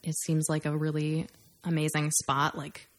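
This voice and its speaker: Laughing casual woman, slightly low voice. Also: monotone, normal speed. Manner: laughs often, lots of filler likes. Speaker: conversation partner. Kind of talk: casual chat.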